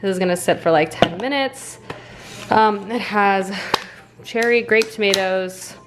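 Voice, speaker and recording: A woman's voice: medium pitch, measured pace, heavy background noise. A young woman vlogging at home on a handheld camera, chatting casually with lots of fillers and self-deprecating asides. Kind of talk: casual chat. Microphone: handheld vlog camera.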